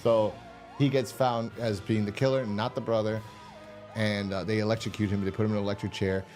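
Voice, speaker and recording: A man's voice: lowish voice, little pitch movement, a little fast, darkish tone, soft background music. Rambling, profane man retelling a plot. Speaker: podcast co-host reviewing a horror episode. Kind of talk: casual chat.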